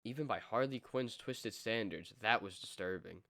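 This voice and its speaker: A man's voice: lowish voice, normal speed, pushed and bright, dry recording, studio quality. A man reading a comic book aloud, doing all the characters himself. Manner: reads every character himself.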